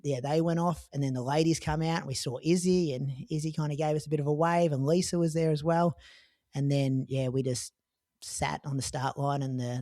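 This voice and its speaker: An Australian man chats on a running podcast, telling the story of a marathon in a loose, filler-packed way. His voice sits on the high side and is slightly mellow, captured in a dry, studio-quality recording.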